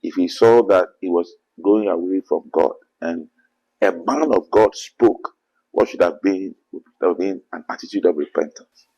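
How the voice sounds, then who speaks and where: A man's voice: low-pitched, a little slow, creaky, warm tone, husky, highs cut off. A man with a Ghanaian accent, an apostle answering interview questions in an earnest preaching manner, often quoting scripture. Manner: earnest, quotes scripture, rising to emphatic bursts.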